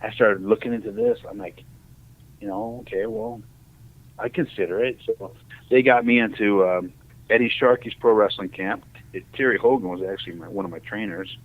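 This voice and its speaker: A man's voice: fairly low pitch, normal speed. Rambling ex-fighter man on a tinny line. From Ohio. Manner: rambling, animated, acts out quoted dialogue. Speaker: podcast guest. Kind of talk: casual storytelling. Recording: tinny phone-like audio.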